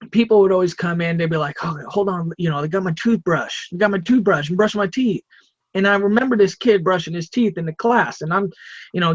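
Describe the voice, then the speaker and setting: A man co-hosting a podcast, telling a rambling, animated story in casual chat and repeating himself. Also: high-pitched, no echo, dull audio. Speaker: podcast co-host.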